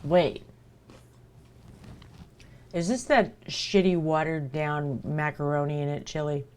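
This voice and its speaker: This livestreamer has a deep, smooth, darkish voice and speaks slowly. She keeps up a casual chat with viewers while eating.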